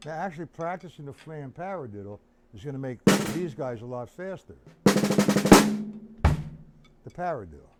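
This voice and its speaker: A man's voice: mid-range voice, big pitch swings, fast talker, loud music behind the voice. A man teaching rudiments on a live-streamed drum lesson, counting beats aloud and chatting with viewers by name. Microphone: streaming setup. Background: snare drum playing.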